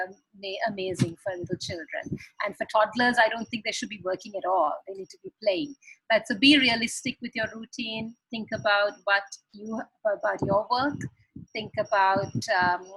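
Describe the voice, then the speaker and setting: A woman's voice: on the high side, gravelly, bright, forceful tone, husky, no room sound, rough recording. A woman giving earnest parenting advice on a video call, explaining with examples. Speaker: parenting guest expert.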